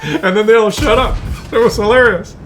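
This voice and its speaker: A man's voice: sits high, brisk, a bit bright, slight background noise, poor audio. A man from Canada rambling and chuckling through a story while commenting on a game replay. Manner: rambling, chuckling, mock voices for others. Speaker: gameplay commentator. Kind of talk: casual storytelling over gameplay.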